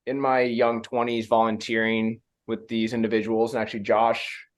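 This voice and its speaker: A man's voice: fairly low pitch, monotone, normal speed. A man in his late twenties, a coach and founder, talking in a rambling, easy way that is often broken by laughter. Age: late 20s. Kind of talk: interview, casual chat.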